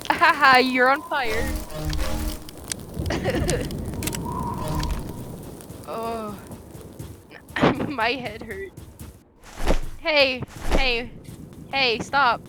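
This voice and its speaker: A woman's voice: high-pitched, extremely slow, pauses often. A woman gaming and commenting playfully, with frequent giggles and silly shrieks. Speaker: gamer. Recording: loud background noise.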